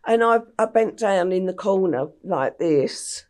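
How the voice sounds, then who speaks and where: An older Englishwoman talks through her past in a plain storytelling manner, stopping often with an um. Her voice sits at an ordinary middle pitch. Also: animated, a little slow, a little mellow. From England. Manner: plain storytelling with frequent ums. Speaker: guest. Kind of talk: recounting her life story in an interview.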